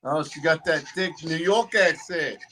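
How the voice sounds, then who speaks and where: A man's voice: a little high, a little slow, pushed and bright, a little hiss or hum. Blunt, chatty livestream host, a man. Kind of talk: casual reaction commentary.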